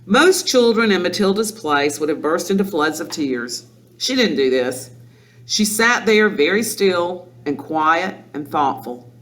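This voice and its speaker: A man reading a children's novel aloud in an expressive, lively storytelling manner. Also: fairly high pitch. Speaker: audiobook reader. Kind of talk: storybook narration.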